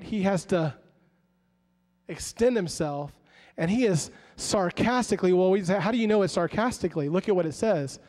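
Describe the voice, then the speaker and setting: A man's voice: high voice, a little mellow. A man preaching a sermon as pastor, retelling conversations and acting out the voices of the people he quotes. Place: church sanctuary. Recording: long church hall reverb.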